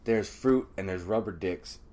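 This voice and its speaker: A man's voice: sits low, moderate pace, dark tone. A young man co-hosting a podcast, telling a party story in casual chat, acting out quotes and laughing often. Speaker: podcast co-host.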